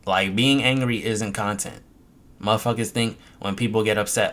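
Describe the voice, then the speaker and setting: A man's voice: on the low side, fairly even intonation, moderate pace, fairly bright tone. A young man, a streamer, venting angrily and profanely about his chat, mocking them in quoted voices. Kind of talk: frustrated vent to camera.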